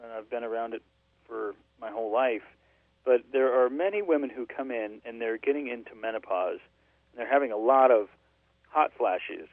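A man's voice: medium pitch, no echo. A man co-hosting a health radio show, prompting his mother with hesitant questions and filler sounds. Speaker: radio co-host. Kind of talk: call-in radio health talk. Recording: tinny phone-like radio line.

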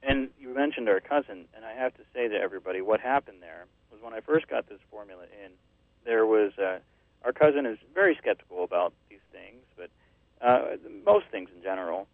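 A man's voice: on the low side, expressive, a little fast, no room sound. A man hosting a radio talk show, chatting in an affirming, conversational way. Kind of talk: casual radio chat. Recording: dry, tinny phone-like line.

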